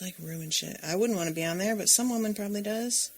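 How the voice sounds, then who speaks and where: A woman's voice: mid-range voice, fast talker, a little hiss or hum. A woman co-hosting a casual podcast, sardonic and exasperated, swearing freely. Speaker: podcast co-host. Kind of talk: casual chat.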